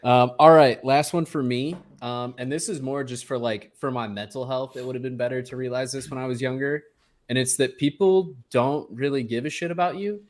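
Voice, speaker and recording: Speaking briskly in a mid-range voice, this man co-hosts a podcast in a relaxed, candid manner. The casual chat is dotted with light laughter between his thoughts.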